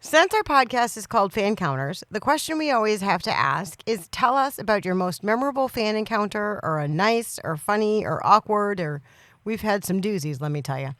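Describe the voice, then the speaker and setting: A woman in her fifties, a podcast co-host, chatting and telling stories in a lively way with quick laughs. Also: mid-range voice. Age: 50s. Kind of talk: casual interview chat.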